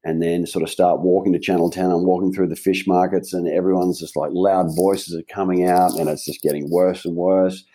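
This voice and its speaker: Low, mellow Australian man telling a story. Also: flat delivery, brisk, few pauses. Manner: rambling, chatty, with frequent restarts. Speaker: guest. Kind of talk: casual anecdote in a conversation.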